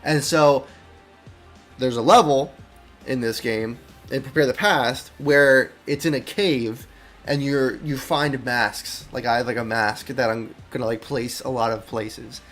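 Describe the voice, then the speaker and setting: A man who is an indie game developer, rambling casually on a live stream. He uses lots of fillers, breaks off mid-sentence and keeps talking to himself, and his voice sounds worn and low. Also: steady tone, measured pace, fairly bright tone, soft background music. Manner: rambling, full of fillers and self-interruptions; easily sidetracked, talks to himself. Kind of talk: casual live-stream chat while working.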